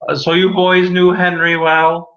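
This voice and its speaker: A man's voice: sits high, monotone, a little slow, muffled recording, pitched above the performer's own voice. A man voicing a crying old man mourning a friend at a graveyard in a tabletop game. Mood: grieving. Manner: wavering, tearful.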